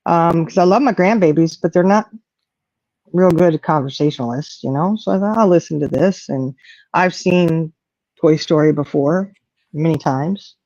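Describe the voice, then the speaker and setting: A woman's voice: deep voice, moderate pace, dark tone, no room sound. An older woman, a grandmother, hosting a casual chat in a folksy way, often saying "you know". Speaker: host. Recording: dull lo-fi audio.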